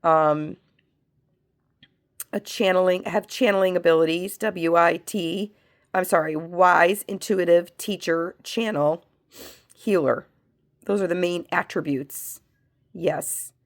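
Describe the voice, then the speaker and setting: A woman who has a cold, working as a medium, leads a spiritual pendulum reading and asks slow yes-no questions that she answers herself. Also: lowish voice. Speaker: medium and reiki practitioner.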